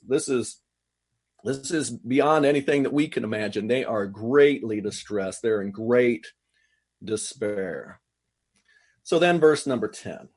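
A man's voice: medium pitch, a little mellow, breathy edge. A man preaching a sermon, reading scripture and paraphrasing it with earnest, rising intensity. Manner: earnest, voices God's lines with rising intensity. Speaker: pastor.

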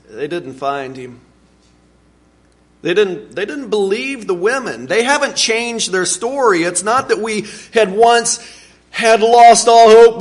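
A man preaching a sermon, earnest and animated, with sudden swings in pitch and volume. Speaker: pastor.

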